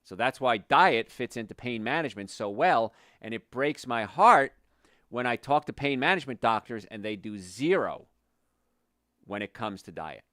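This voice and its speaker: A man's voice: medium pitch, moderate pace, no echo, clean studio sound. A male chiropractor hosting a health talk show, speaking passionately and bluntly, getting worked up and then reining himself in. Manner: passionate, opinionated, gets worked up then calms down.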